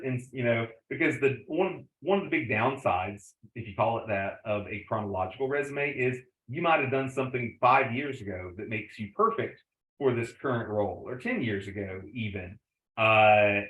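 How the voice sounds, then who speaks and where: A man's voice: medium pitch, moderate pace, a bit bright. A middle-aged man giving a casual lecture on resume writing, rambling with many fillers and self-corrections. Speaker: instructor. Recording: roomy, slightly dull home recording.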